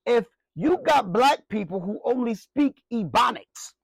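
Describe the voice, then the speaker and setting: A male pastor delivers a sermon, moving between scripture reading and emphatic, conversational explanation. His voice sits high and carries a gravelly edge. The sound is dry and close, with no room around it. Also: lively intonation, unhurried, no echo, poor audio. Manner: emphatic, conversational preaching with repeated rhetorical questions.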